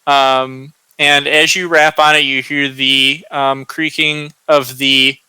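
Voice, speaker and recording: A male game master narrating a tabletop adventure at an unhurried, halting pace, with plenty of fillers. His voice is bright and smooth, recorded dry and close. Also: mid-range voice, level tone, no echo, poor audio. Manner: slow, hesitant, many fillers.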